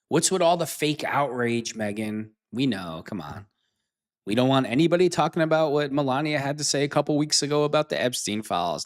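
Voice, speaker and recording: A man reacts to clips on his podcast in a sarcastic, mocking tone. His voice sits at an average pitch. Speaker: podcast host. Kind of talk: reaction commentary.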